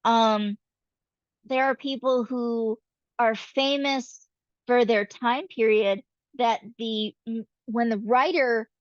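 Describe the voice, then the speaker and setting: A woman giving a casual, explanatory literature lecture, often pausing with fillers. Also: fairly high pitch, steady tone, dry recording, highs cut off.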